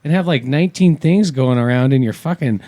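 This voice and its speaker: Male podcast co-host, brash and excitable, swears constantly. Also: mid-range voice, fairly quick. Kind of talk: crude casual banter.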